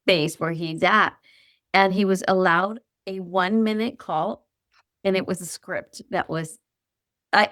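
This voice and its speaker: A middle-aged woman, a podcast guest, talking in an earnest, reflective way that is often halting. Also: lowish voice, a bit bright, no echo, clean studio sound. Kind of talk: casual chat.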